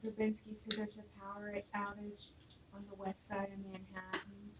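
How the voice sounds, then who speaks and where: A woman helping on a home livestream, briskly reading out viewer comments. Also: medium pitch, completely flat delivery, noisy background.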